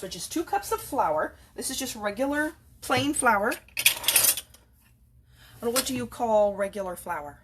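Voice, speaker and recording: A woman hosting a casual home cooking video, chatting and rambling as she bakes. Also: slightly rough. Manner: rambling, talks to her cats in a high playful voice. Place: home kitchen.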